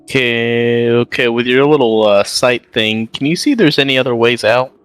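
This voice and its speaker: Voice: mid-range voice, normal speed, clean tone, dry recording. A tabletop player talking casually and wryly about a plan.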